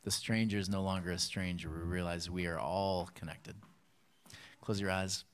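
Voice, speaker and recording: A man preaching a sermon, telling a story and acting out its voices with lively bursts. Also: deep voice, moderate pace. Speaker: pastor.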